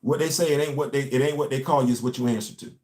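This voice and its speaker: A young American man hosts a fiery monologue at a very fast pace, his medium-pitched voice steady and a little mellow. Emphatic and preachy, he repeats his key lines in an echoey room.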